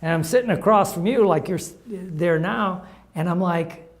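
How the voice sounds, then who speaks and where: A man's voice: sits high, animated, normal speed, vocal fry. A middle-aged man giving an informal talk on recovery steps, sharing stories in a conversational, anecdotal way. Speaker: recovery program speaker.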